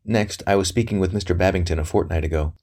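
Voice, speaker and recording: Deep and fast with a darkish, breathy edge, a man's voice carries a novel's young priest, a guarded courier who speaks with care and earnestness. It's an audiobook character reading.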